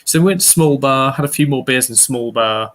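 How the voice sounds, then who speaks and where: Male beer streamer, mid-pitched, loose anecdotal delivery with stumbles and curses. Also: fairly quick, a bit bright. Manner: rambling anecdotes full of restarts and swearing. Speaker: beer reviewer streaming with friends. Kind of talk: casual storytelling on a live stream.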